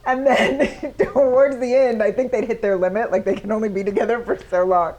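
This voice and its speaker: Woman, podcast co-host, casual chat, teasing, higher voice. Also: steady tone, brisk, darkish tone.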